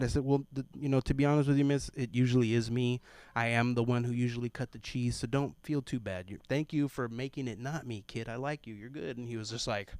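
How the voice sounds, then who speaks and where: A man's voice: medium pitch, brisk, clean tone. A man in his thirties doing a stand-up set at an open mic, telling family stories and briefly putting on voices for the people in them. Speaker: stand-up comedian.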